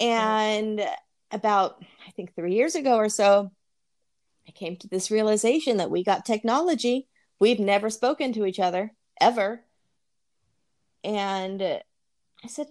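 A woman's voice: mid-range voice, animated, a little slow, long pauses, a little mellow. A woman co-hosting a podcast in casual chat, laughing often and repeating words as she talks. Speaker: podcast co-host.

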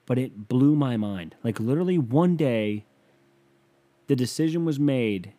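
A man's voice: medium pitch, expressive, a little slow, dark tone. A young man hosting a podcast from his bedroom, talking in a rambling, profane, self-mocking monologue. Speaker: podcast host. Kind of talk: casual solo podcast monologue.

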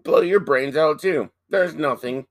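A man co-hosting a casual podcast, telling stories in a profane, animated way. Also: a little high, a little slow, no room sound. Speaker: podcast co-host. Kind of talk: casual chat.

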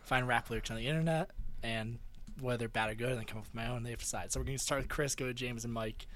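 A man hosting a casual lyric-guessing game among friends, reading lines out in a deadpan way. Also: medium pitch, rapid-fire. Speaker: game host.

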